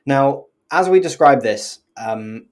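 A woman's voice: extremely low pitch, expressive, slow, a little mellow. A woman co-hosting a podcast, explaining the rules in casual chat, often laughing and now and then swearing. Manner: chatty, swears, laughs while explaining, puts on silly accents for single words. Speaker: podcast co-host.

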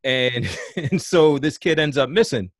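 A man's voice: fairly high pitch, a little slow, no room sound, studio quality. A man co-hosting a podcast, retelling a story in a loose, slangy way with some cursing. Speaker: podcast co-host. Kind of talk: casual storytelling.

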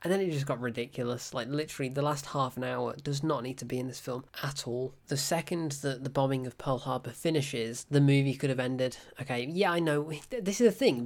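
A man casually reviewing a film, sarcastic and breaking into laughter as he talks. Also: a little high. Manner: sarcastic, laughs often while talking.

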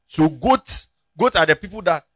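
A man's voice: fairly high pitch, moderate pace, no echo. A man preaching a sermon as pastor, joking and calling on the congregation to turn to their neighbors. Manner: animated, joking, calls on the congregation.

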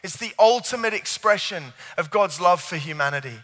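Earnest high-voiced man preaching in a hall. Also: expressive, normal speed, fairly bright tone. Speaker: youth preacher. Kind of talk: youth service talk. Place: large church hall. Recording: long hall reverb.

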